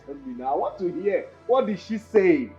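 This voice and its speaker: A man's voice: high-pitched, sing-song, moderate pace, warm tone, dull audio, faint music behind. An actor playing a blunt male friend with a Nigerian accent who mocks and then lectures, in a Nigerian film. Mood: mocking. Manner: laughing scorn turning to stern lecture. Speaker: Paul's friend.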